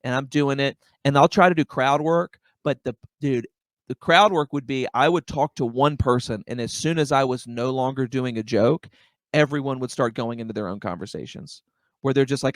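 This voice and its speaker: A young adult man, a stand-up comedian, telling a story as a podcast guest in an animated, filler-heavy way, often saying "like" and "dude". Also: mid-range voice, fairly quick, no room sound. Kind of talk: casual storytelling chat.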